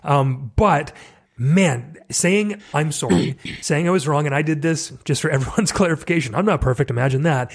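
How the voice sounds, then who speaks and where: A middle-aged Canadian man hosting a casual conversation, candid and self-deprecating with animated asides. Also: a little high, moderate pace, breathy edge. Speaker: podcast host.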